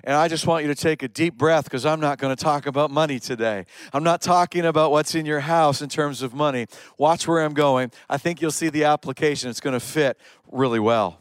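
A man's voice: on the high side, a little fast, clear, resonant tone, no room sound. A man preaching a sermon, retelling stories and pressing his points with rising emphatic questions. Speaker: pastor.

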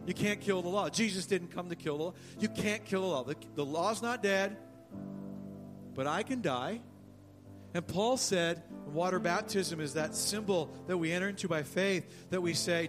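A man preaching a sermon as pastor, animated, often repeating words and calling for the congregation to respond. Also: high-pitched, moderate pace, music in the background.

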